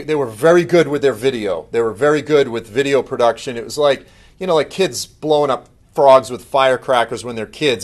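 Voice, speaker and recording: A middle-aged man giving a conversational update, telling stories with plenty of fillers and lively asides. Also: medium pitch. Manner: conversational, animated impressions of others, many fillers. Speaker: speaker giving a ministry update. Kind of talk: casual storytelling talk.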